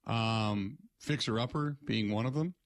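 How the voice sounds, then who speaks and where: A man's voice: mid-range voice, measured pace, dry recording, clean studio sound. A man hosting a sports radio show, rambling and joking through casual rants. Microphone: studio mic.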